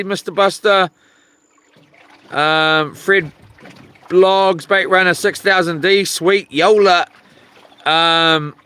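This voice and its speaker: A man's voice: sits high, bright, forceful tone, clear, resonant tone. A man chatting casually on a live fishing stream outdoors by the sea, rambling and swearing lightly as he greets viewers by name. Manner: laid-back, rambling, reads viewer names aloud, swears casually. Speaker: fishing livestreamer.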